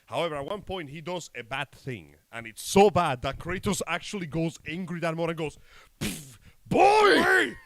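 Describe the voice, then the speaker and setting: A man's voice: a little high, a little fast, few pauses. A man co-hosting a casual live show, telling jokey, sardonic stories and swearing freely. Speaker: co-host. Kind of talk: casual podcast banter.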